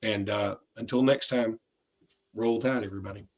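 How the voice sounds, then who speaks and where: A man's voice: lowish voice, steady tone, normal speed, a little mellow. A man co-hosting a sports podcast, telling a rambling, anecdotal story full of restarts. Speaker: podcast co-host. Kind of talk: casual sports podcast chat.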